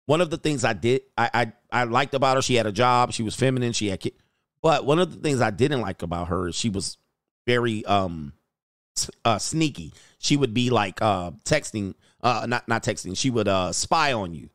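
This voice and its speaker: Brief: middle-aged man, blunt dating coach, animated storyteller, dry close sound. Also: medium pitch, normal speed, no room sound. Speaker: dating coach reacting to clips. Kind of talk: casual commentary.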